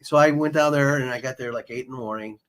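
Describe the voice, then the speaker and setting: Man telling a lively story. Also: mid-range voice, fast talker, clean tone. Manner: animated storyteller, acts out quotes. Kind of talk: casual chat.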